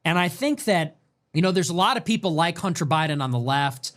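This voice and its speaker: Animated, emphatic man. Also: a little high, brisk. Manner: animated, emphatic, swings between excited and somber; frequent "like" fillers and restarts. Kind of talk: casual monologue.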